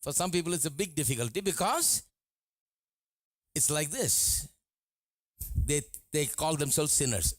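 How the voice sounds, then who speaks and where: A male preacher giving a sermon, animated and often laughing as he acts out what people say. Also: mid-range voice, unhurried, pauses often, no echo. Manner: animated, laughing, mimics voices in quotes.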